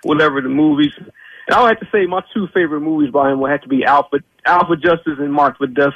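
A man's voice: fairly high pitch, quick pace, no echo. Rambling male caller on a dull line. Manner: rambling, hesitant, many fillers. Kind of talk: phone-in call.

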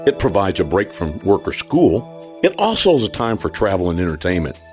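Low-voiced male radio announcer over music. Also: big pitch swings, fairly quick. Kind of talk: scripted introduction. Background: music bed.

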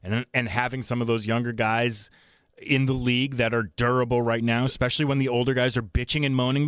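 A man's voice: medium pitch, a little fast, smooth, dry recording, clean studio sound. Blunt, opinionated sports radio man. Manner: opinionated, blunt, animated rants. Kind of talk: sports talk radio chat.

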